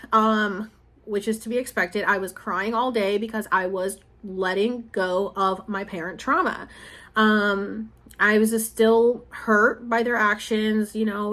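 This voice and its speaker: A woman in her thirties talks in a casual, confessional vlog, rambling emotionally and saying "like" a lot. Her voice is on the high side with a fairly bright tone.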